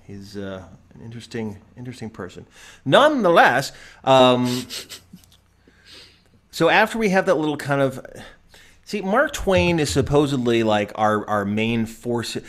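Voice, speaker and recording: A man's voice: medium pitch, very animated, measured pace, pauses often, a bit bright. A man co-hosting a podcast, chatting casually and jokingly about a TV episode and dropping into goofy voices now and then. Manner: chatty, jokey, often slips into goofy voices. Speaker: podcast co-host.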